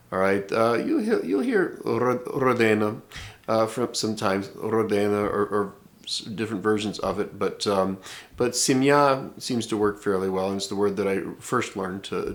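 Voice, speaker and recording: A middle-aged man teaching vocabulary in a casual way, saying each word slowly and more than once, with many fillers. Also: on the low side, fairly bright tone. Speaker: language teacher.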